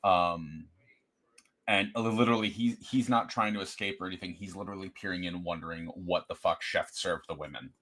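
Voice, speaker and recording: A man's voice: sits low, a little fast, a bit bright. A man co-hosting a casual livestream movie review, chatty and agreeable, filling in scene details. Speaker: co-host.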